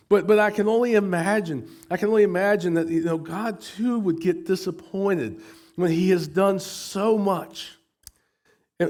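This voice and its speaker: A man's voice: high-pitched, a little mellow. A middle-aged man preaching a sermon as pastor, conversational, often repeating words as he restarts.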